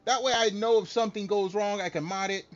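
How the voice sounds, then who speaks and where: Chatting with viewers during a game stream, this man speaks fast in a high-pitched voice with fairly even intonation. He jokes, laughs, and curses without holding back, all over dull, lo-fi audio with faint background music.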